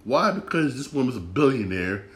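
A man's voice: mid-range voice, sing-song, moderate pace, reverberant. A man hosting a sports podcast, ranting in a frustrated, repetitive way and stumbling over his words. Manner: frustrated, repetitive, stammering restarts. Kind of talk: casual sports rant.

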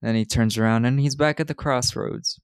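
A man co-hosting a podcast, recapping a film in casual chat, laughing often and retelling scenes with quick quoted lines. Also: mid-range voice, fairly even intonation, clear, resonant tone, dry recording.

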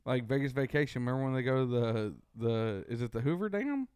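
A man's voice: mid-range voice, expressive, brisk, a little mellow, clean tone, no room sound, clean studio sound. A man with a Texan accent co-hosting a podcast, joking and exclaiming in casual banter. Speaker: podcast co-host.

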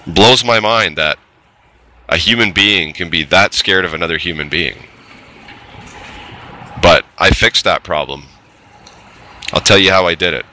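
Middle-aged man, very low voice, strikingly bright tone, plainspoken, casual storytelling. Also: measured pace, pauses often, slight background noise, rough recording. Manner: candid, plainspoken, mild swearing. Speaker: trades technician telling his story.

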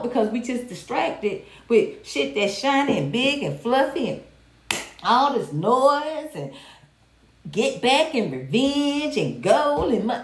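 A livestream host from Georgia, USA, reads viewer comments with blunt, profane, animated candor in casual commentary. Her voice is a little high, and the room gives the audio a noticeable echo.

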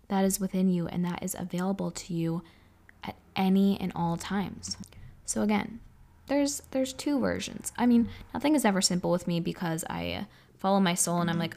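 A woman in her twenties hosting a reflective solo podcast, speaking softly and earnestly and often sinking into a breathy whisper. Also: fairly low pitch, normal speed. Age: 20s. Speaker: podcast host.

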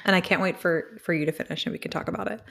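Racing along in a lowish, creaky, slightly bright voice with a steady tone, a young woman co-hosts a podcast. Her casual chatter is packed with "like" and "um."

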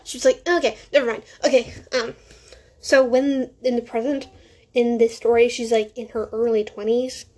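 A woman's voice: on the high side, fairly even intonation, normal speed, darkish tone. A teenage girl hosting a casual solo podcast from home, rambling, correcting herself and making sarcastic asides. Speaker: podcast host.

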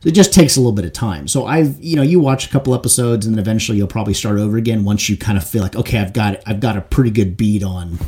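A man with a low, mellow voice co-hosts a casual podcast chat. He tells stories in an animated way and breaks into laughter often. He sits close to a desk microphone. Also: fast, few pauses. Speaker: podcast co-host. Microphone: desk mic without boom, close to face.

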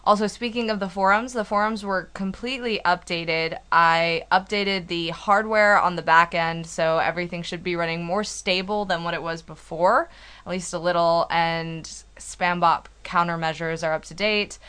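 A woman's voice: fairly low pitch, fairly even intonation, moderate pace, a bit bright, clean tone. A young woman co-hosting a casual podcast, chatty and giggly as she runs through announcements. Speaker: podcast co-host and site admin.

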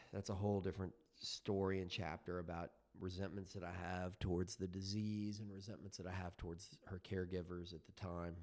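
A man in his fifties with a deep, low voice tells his own recovery story into a headset mic. He talks in a halting, reflective way, full of ums and restarts as he searches for words. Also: darkish tone. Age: 50s.

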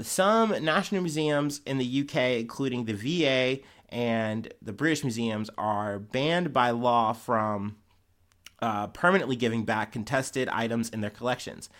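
Talking through news stories on his podcast, a man comments casually in a rambling, profane, heated manner. He has a mid-range voice with a fairly bright tone.

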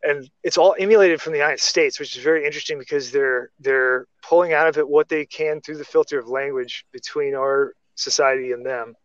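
A man's voice: fairly high pitch, steady tone, brisk, hardly any pauses, no room sound. Rambling man, muffled dry recording. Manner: rambling, many restarts and tangents. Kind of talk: casual podcast chat.

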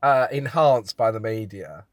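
A man co-hosting a casual comedy chat, telling stories in an animated way. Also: on the low side, unhurried, no room sound. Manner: animated storytelling, laughing. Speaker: podcast co-host, comedian.

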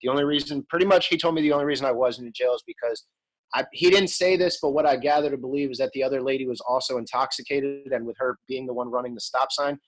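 A man in his thirties, appearing as an interview guest, narrates his story openly and conversationally at a quick pace. His medium-pitched voice holds a steady tone, though the recording is rough and he often ums and restarts.

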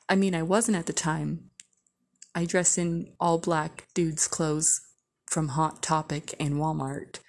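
A woman's voice: on the low side, darkish tone. A woman casually telling a candid, profane story, full of "like" and blunt asides. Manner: candid, profane, heavy use of "like".

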